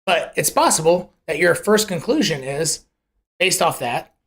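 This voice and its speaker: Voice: mid-range voice, expressive, a little slow, very noisy. A live show host giving casual, rambling commentary on price charts, often correcting themselves mid-sentence and asking rhetorical questions. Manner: conversational and rambling, with self-corrections; uses homely analogies and rhetorical questions.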